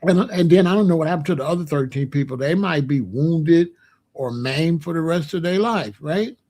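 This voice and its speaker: A man in his sixties hosting a livestream, chatting casually to his live chat in a slow, repetitive, drawling way. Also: fairly high pitch, darkish tone. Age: 60s. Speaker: livestream host.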